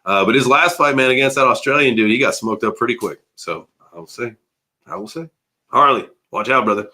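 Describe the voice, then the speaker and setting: A man in his early forties hosting a casual crypto livestream, rambling and animated, chatting with viewers and swearing freely. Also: medium pitch, a little fast. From United States. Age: 40s.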